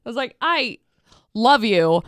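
A woman co-hosting a radio after-show, telling an animated story in casual chat and acting out little voices. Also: a little high, a little slow, no echo, clean studio sound. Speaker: radio co-host.

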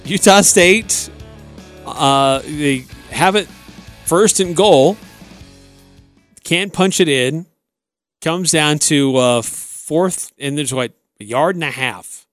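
A man hosting a sports talk radio show from a studio, recounting plays in an animated way. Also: on the high side, takes it slowly, pauses often, soft background music.

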